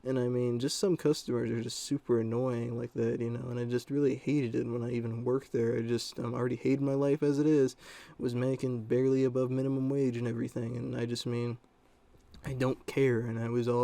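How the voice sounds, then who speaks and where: A man's voice: mid-range voice, little pitch movement, brisk, gravelly, dark tone, no echo. A young man telling a story-time vlog in a rambling, casual way full of fillers. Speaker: storyteller vlogger.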